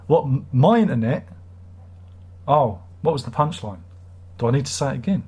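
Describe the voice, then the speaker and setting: A man's voice: mid-range voice, expressive, normal speed, dark tone, slightly rough. A man hosting a casual live stream, reading out viewer comments and joking in a rambling, self-mocking way.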